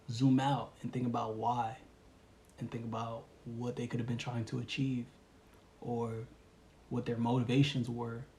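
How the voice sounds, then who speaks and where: A man giving a casual spiritual reading, talking in a relaxed, rambling way with slang and lots of fillers. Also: medium pitch, creaky, reverberant. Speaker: tarot reader.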